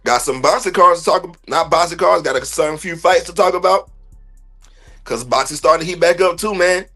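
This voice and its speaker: On the high side and fairly quick, this livestream host's voice sounds pushed and bright, with soft music in the background. He rants about sports bluntly, swearing and using lots of slang.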